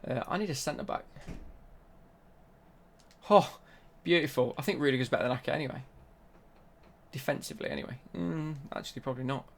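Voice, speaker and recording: A man's voice: medium pitch, brisk, creaky, long pauses. A young man chatting casually on a live stream while he plays, bantering and answering his chat.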